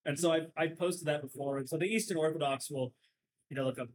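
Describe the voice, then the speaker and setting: A man's voice: on the high side, fast talker, poor audio. Chatty Southern Californian man. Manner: talkative, sardonic, rambling storyteller. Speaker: podcast host. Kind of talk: casual chat.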